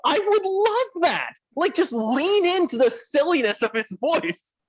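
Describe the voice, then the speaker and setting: Guest spot: a high-voiced, bouncy man chatting on a podcast, laughs a lot. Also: a little slow. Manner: animated, laughs often. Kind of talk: casual chat.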